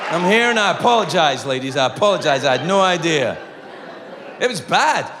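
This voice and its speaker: Animated Scottish comedian on a stage. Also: male voice, fairly quick, a faint crowd. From Scotland. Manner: animated, exaggerated, swinging between loud outbursts and low asides. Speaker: stand-up comedian. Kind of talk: stand-up comedy storytelling. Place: theater stage before a live audience. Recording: long hall reverb, audience noise. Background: audience laughter.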